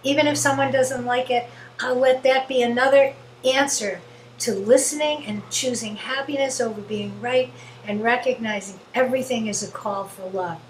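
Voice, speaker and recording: Woman, fairly high voice, earnest spiritual sharing, faint hiss behind. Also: fairly even intonation, normal speed, echoey room, rough recording. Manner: earnest, gentle, quotes herself in dialogue. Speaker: spiritual group member sharing.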